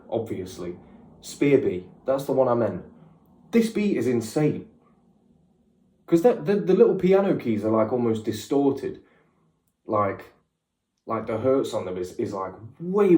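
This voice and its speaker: A young British man doing a casual, excitable music reaction, chatty and slangy, with the odd swear. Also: mid-range voice, reverberant. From United Kingdom.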